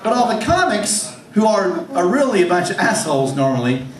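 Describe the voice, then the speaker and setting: With a high voice, big pitch swings, and a fairly quick delivery, a man hosting an open mic comedy night tells a rambling, self-deprecating story from the stage, restarting often. You can hear crowd noise, a faint hum, and the echo of the club room through a distant mic.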